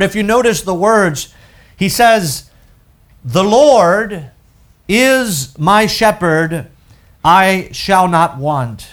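A man preaching a sermon, slow and emphatic, repeating key phrases for weight. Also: sits high, expressive, a bit bright.

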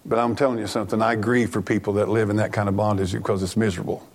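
A man's voice: lowish voice, little pitch movement, very fast. A middle-aged man preaching a sermon as pastor, earnest and plainspoken, often restarting his sentences.

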